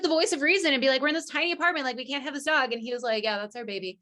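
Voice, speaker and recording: A woman's voice: high voice, racing, bright, forceful tone. A woman guest on a casual podcast, a chatty storyteller who fills her talk with "like" and acts out quoted lines.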